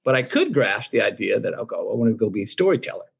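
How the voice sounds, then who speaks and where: A man in his fifties with a drawl, telling a relaxed personal story in an interview. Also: lowish voice, fast, gravelly, breathy edge. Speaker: guest.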